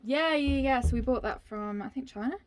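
A woman's voice: high-pitched, a little fast, a crowd in the background. A young woman chatting casually outdoors beside a van, loose and chatty with lots of fillers. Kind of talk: casual conversation.

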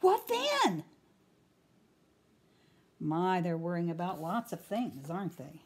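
Breathy woman reading a storybook to kids. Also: fairly low pitch, moderate pace. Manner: expressive, asides to listeners. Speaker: teacher. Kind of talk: storybook read-aloud for young children.

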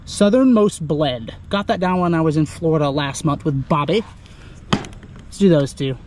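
A man talking casually to camera outdoors on the coast as he cooks and eats his catch, upbeat and chatty, thinking out loud. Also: fairly high pitch, expressive, normal speed. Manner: upbeat, chatty, talks to himself while deciding. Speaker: outdoor adventure vlogger. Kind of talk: casual narration to camera while cooking.

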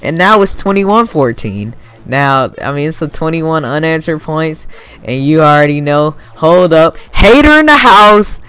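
A young man giving casual, excitable commentary over his own video game match, swearing freely and bursting into sudden yells. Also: on the high side, unhurried, smooth. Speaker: gaming YouTuber.

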